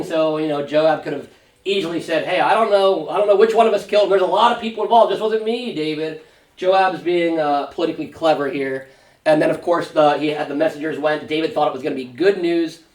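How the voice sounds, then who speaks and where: A man pastor leading a Sunday school Bible study, explaining the passage in a conversational way with fillers and asides. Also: fairly high pitch. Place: church classroom. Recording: echoey room, mic at a distance.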